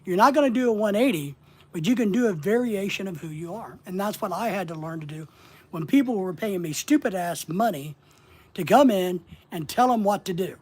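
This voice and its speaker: A middle-aged online business coach leads a casual livestream lesson in a high, husky voice with lively intonation and a brisk pace. He has a slight Southern accent and speaks in a rambling, plainspoken, conversational way.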